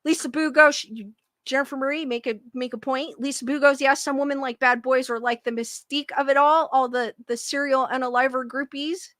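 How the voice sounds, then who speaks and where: A woman's voice: high voice, fairly even intonation, fairly quick, a bit bright, no room sound. A woman hosting a casual livestream, reading viewer comments aloud and answering them defensively, laughing often and restarting sentences. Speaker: livestream host reading chat.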